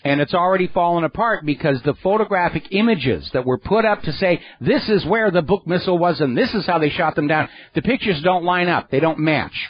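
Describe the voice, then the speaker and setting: A man's voice: a little high, lively intonation, brisk, few pauses, breathy edge. A man hosting a radio talk show, delivering a sarcastic, indignant political monologue into a studio microphone. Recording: dry, slightly dull radio studio sound.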